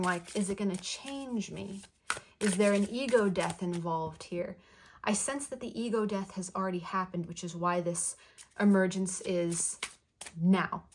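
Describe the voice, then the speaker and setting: Woman tarot reader, soft and affirming, mid-pitched, repeats her phrases. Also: background noise. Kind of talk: channeled tarot card reading.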